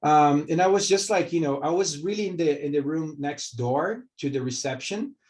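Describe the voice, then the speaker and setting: A man's voice: a little high, normal speed, darkish tone. A middle-aged man from Brazil with a Brazilian Portuguese accent, a surgeon answering interview questions candidly and rambling with many fillers. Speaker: vascular surgeon.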